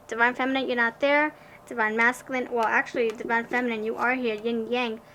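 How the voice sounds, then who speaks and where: Excitable gushing woman reading tarot. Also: a little high, fairly quick, slight background noise, poor audio. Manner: excitable, gushing, stumbles and restarts words. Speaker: tarot card reader. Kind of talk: pick-a-card tarot reading.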